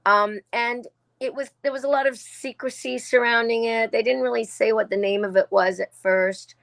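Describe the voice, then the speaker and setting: A woman's voice: a little high, fairly even intonation, moderate pace, gravelly, a bit bright. A woman in her sixties, originally from Australia, talking as a guest actor in a casual interview and telling chatty stories full of quoted asides.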